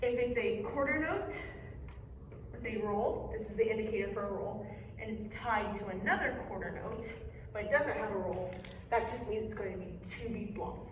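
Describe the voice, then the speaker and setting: A woman's voice: mid-range voice, normal speed, slight background noise. A young woman giving a patient, encouraging percussion lesson, explaining strokes step by step. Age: young adult. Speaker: percussion teacher. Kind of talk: hands-on music lesson. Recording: echoey room, mic far off.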